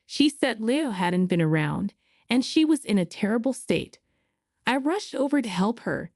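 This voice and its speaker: A woman narrating a first-person story in an earnest, expressive way. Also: on the high side, normal speed, dry recording, studio quality.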